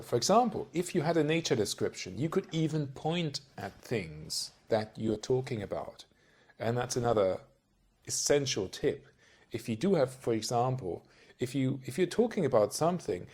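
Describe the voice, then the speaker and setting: A man's voice: medium pitch, darkish tone. A man giving a casual tutorial on voice-over work, talking straight to the viewer in a chatty, rambling way and often checking in with questions. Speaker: voice-over coach. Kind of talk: casual talk-to-camera tutorial.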